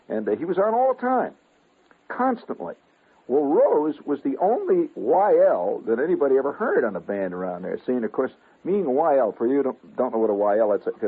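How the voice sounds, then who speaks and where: A man's voice: mid-range voice, husky. A man in his fifties from the United States, telling a rambling, digressive radio story with chuckling asides. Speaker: radio host. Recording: narrow, phone-like old radio broadcast.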